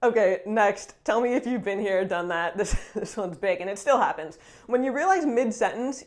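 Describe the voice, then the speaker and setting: A woman in her thirties, from the United States, chatting straight to camera for her vlog. Her delivery is upbeat and conversational, sprinkled with fillers and easy laughter as she explains everyday frustrations. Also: medium pitch. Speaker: vlogger. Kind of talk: casual vlog talk to camera.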